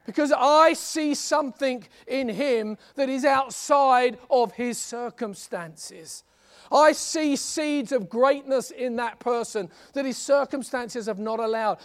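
A man voicing God as a patient, assured figure, speaking in a calm, measured and firm way. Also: very high-pitched, creaky, full character voice.

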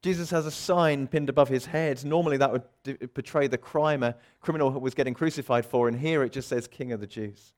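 A man preaching a sermon, dramatic, acting out the voices he quotes and swinging between loud and soft. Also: medium pitch.

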